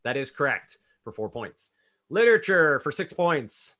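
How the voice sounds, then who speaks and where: A man hosting a trivia game, reading clues briskly and calling on players by name. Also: on the high side, very animated, bright, forceful tone. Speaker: trivia quizmaster.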